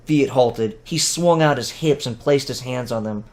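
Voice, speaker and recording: Man narrating an audiobook calmly. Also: medium pitch, unhurried, few pauses.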